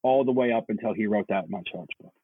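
A male podcast co-host chatting in a halting, earnest way, often repeating words as he gets emotional. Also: fairly low pitch, no room sound. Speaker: podcast co-host, Navy chief. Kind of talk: casual chat. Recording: husky voice over a tinny phone-like line.

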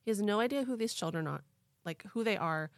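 An animated young woman hosts a podcast, telling a story in loose, casual chat peppered with "like". Her voice is close and dry, with no room sound, and her pitch sits in a middle range. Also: fairly quick, dry recording. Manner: animated, laughing, lots of "like". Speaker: podcast host.

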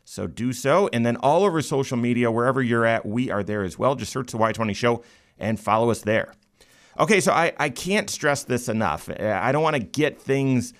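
A man hosting a finance talk show, a financial planner who talks in a lively, joking way with animated emphasis. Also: mid-range voice, moderate pace.

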